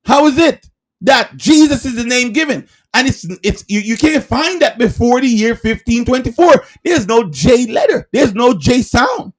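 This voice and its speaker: A man preaching in a livestreamed sermon, emphatic and firing rhetorical questions, sometimes shouting. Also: extremely high pitch, big pitch swings, normal speed.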